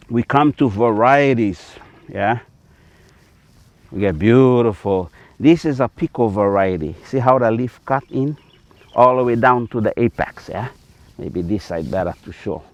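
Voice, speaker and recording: A man's voice: medium pitch, no room sound, lo-fi sound. A man with a Hawaiian Pidgin accent, a farmer teaching outdoors on a taro farm in a folksy, emphatic way, mixing in Hawaiian words.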